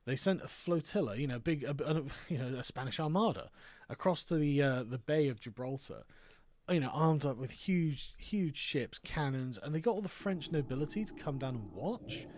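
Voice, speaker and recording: A man's voice: fairly high pitch, expressive, moderate pace, a little mellow, no room sound. A man, streaming and chatting casually, reading text aloud and riffing on it with sardonic mock outrage. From Britain. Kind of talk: casual chat while gaming and reading aloud.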